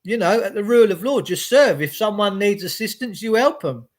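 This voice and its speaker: High-voiced man ranting at home. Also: expressive, a little fast. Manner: chatty, greets viewers, impassioned. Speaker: vlogger. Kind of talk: casual livestream rant. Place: home by a log burner.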